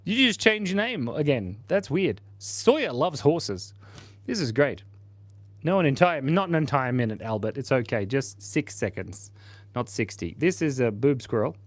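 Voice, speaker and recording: A man's voice: medium pitch, very animated, normal speed, no echo. Playful man in his forties streaming. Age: 40s. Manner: playful and goofy, chatting to viewers. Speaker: livestream host. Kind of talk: casual livestream chat while drawing.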